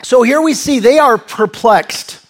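A man's voice: extremely high pitch, unhurried. A male pastor preaching a sermon in an earnest, conversational way, often restarting and stumbling over his words.

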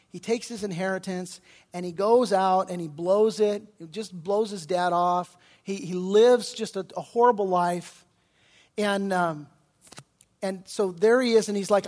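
Pastor, male, high-pitched, passionate preacher who voices the quotes himself, then turns quiet and tender. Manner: impassioned, acts out prayers and Bible figures in quotes; drops to soft, quiet tones when closing. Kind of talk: sermon.

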